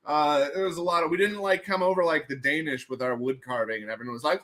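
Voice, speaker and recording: A man's voice: a little high, steady tone, quick pace, hardly any pauses, fairly bright tone. A man hosting a casual livestream, rambling and joking and laughing often between his remarks. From United States. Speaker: livestream host.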